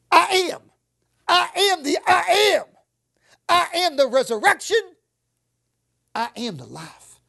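A woman preaching a sermon, emphatic, repeating phrases and acting out the words she quotes. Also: sits high.

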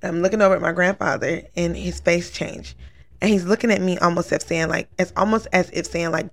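A woman's voice: fairly low pitch, fairly even intonation, a little fast, vocal fry. A woman casually telling a long personal story, rambling and earnest, full of "like" fillers. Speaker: vlogger recounting a dream.

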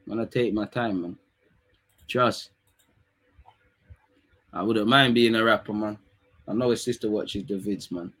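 A young man, chatting casually on a live stream, reading comments and teasing his chat in quick, slangy talk. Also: lowish voice, steady tone, a bit bright, slightly rough. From England.

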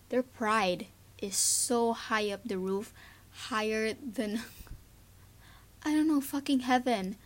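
A Filipino woman hosting a podcast and sharing her views in an earnest, emotional, casual way, with frequent fillers. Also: mid-range voice. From Philippines. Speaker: podcast host. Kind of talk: casual personal commentary.

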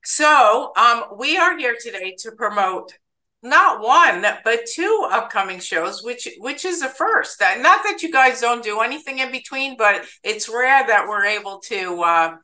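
A woman with a bright, clear-edged voice hosts a podcast. She talks chattily and upbeat, and she stumbles over a name now and then. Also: fairly high pitch, expressive, a little slow, low-quality recording. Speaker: podcast host. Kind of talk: casual interview.

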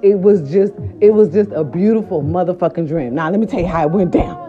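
A middle-aged woman telling a story casually to her viewers, animated and profane, repeating her filler words. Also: fairly low pitch, a little fast, dull audio. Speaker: vlogger.

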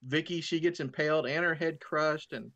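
A man's voice: fairly high pitch, steady tone, moderate pace, a bit bright, highs cut off. A man in casual conversation, eagerly recounting film scenes in detail.

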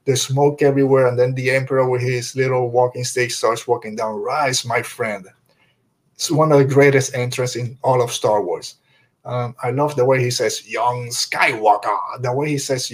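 A man co-hosting a podcast, talking casually and enthusiastically, rambling and slipping into quick impressions of characters. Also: mid-range voice, little pitch movement, darkish tone. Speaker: podcast co-host. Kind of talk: casual fan review chat.

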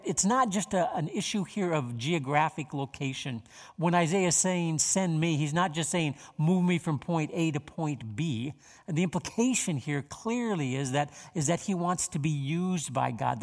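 Man, pastor, sermon, gravelly voice, slightly high, long church reverb. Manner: measured preaching with frequent "uh" fillers and repeated words.

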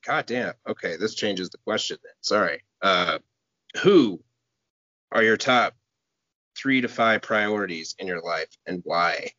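Man, casual podcast chat, low pitch, bright edge, halting with lots of fillers, dry muffled sound. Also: expressive, dry recording. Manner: halting, filler-heavy, self-deprecating. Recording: dull, dry lo-fi audio.

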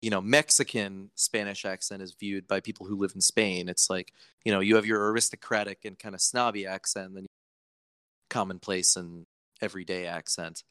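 A man's voice: sits low, fairly even intonation, moderate pace, bright, forceful tone, clear, resonant tone, no room sound, clean studio sound. A young man from Virginia hosting a casual podcast chat, rambling along with jokey asides. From Virginia, United States. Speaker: podcast host.

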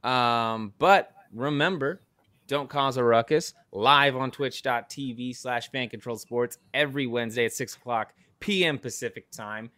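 A man from the United States co-hosting a casual streamed show, at an ordinary middle pitch. He talks easily but often trips and restarts his sentences. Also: normal speed, bright, forceful tone. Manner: hesitant, stumbling restarts. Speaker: podcast co-host. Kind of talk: casual chat and show sign-off.

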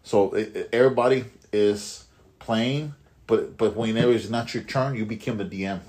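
A man's voice: lowish voice, moderate pace, darkish tone. A man co-hosting a casual podcast, rambling and profane with many restarts. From Mexico. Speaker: podcast co-host. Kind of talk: casual chat.

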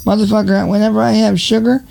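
A man's voice: high-pitched, level tone, fast talker, creaky. A man hosting his own podcast, rambling casually from home with profane jokes and frequent laughter. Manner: profane, laughing, jokey rants. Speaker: podcast host. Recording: loud static noise on home mic.

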